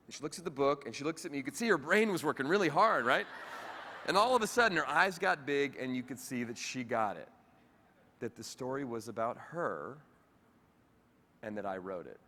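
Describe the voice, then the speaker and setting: Guy telling a heartfelt story on stage, forceful bright voice, big echoey hall. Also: mid-range voice, slight background noise. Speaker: keynote speaker. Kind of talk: storytelling keynote speech. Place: large convention hall, on stage.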